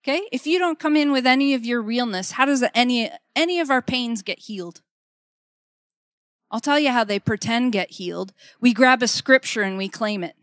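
A woman's voice: a little high, moderate pace, a bit bright, no echo, studio quality. A middle-aged woman preaching a conversational sermon. She speaks emphatically, repeats her key phrases and keeps checking in with "okay?".

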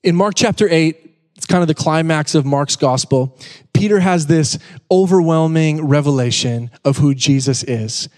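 A pastor preaches to his congregation in a church sanctuary, keeping it conversational with joking asides and repeating key points for emphasis. His voice is a little high and a little mellow, at normal speed, with a long reverb tail.

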